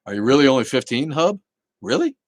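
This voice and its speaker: A man's voice: mid-range voice, big pitch swings, fast talker, no room sound. A man hosting a casual livestream, chatting bluntly with viewers, swearing and laughing often. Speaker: livestream host reading chat.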